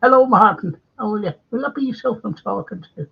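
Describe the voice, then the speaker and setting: Cheery young Irish lad, as a man puts him on, Irish accent, raised pitch, gravelly, dull lo-fi audio. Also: fairly quick, bright, forceful tone, heavily acted.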